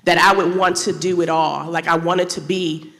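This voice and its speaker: A woman's voice: lowish voice, level tone, moderate pace. A woman speaking on a panel as a wife and business owner, earnest and a little emotional. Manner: earnest, a bit emotional, laughs softly. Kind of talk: candid panel answer. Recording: long hall reverb.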